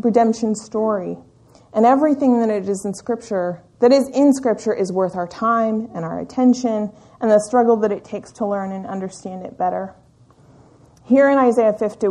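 Woman teaching bible study at church, earnest, thoughtful, steady. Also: medium pitch. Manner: earnest, reflective, measured teaching with occasional fillers. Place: church meeting room.

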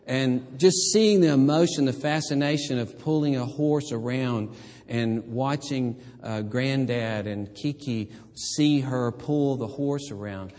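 An older man preaching a sermon, moving from hushed, tender reflection to emphatic, impassioned exhortation. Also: medium pitch, a little slow, big-room sound. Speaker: pastor.

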